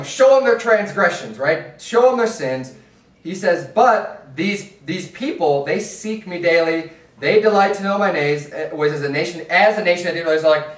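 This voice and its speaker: A man preaching a fervent sermon as pastor, with an American accent, stumbling over repeated words as he presses his points. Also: high voice. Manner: impassioned, repetitive restarts, mimics soft preachers in a hushed voice. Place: church sanctuary. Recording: echoey room from far off.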